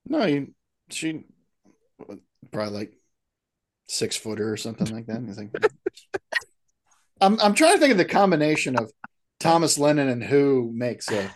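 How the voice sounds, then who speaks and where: A podcast co-host in casual chat, halting and trailing off, interjecting often. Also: medium pitch, big pitch swings.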